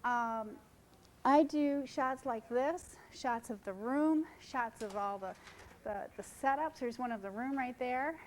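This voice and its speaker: A woman's voice: on the high side, takes it slowly, a little hiss or hum, rough recording. A middle-aged woman giving a casual seminar to photographers, chatty and joking, jumping from topic to topic. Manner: chatty, jumps between topics, jokes with audience. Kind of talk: informal seminar talk to photographers. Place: conference room.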